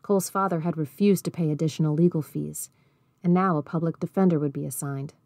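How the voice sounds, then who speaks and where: Woman audiobook reader, even and measured; mellow, dry sound. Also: low voice, no room sound. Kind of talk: reading a novel aloud.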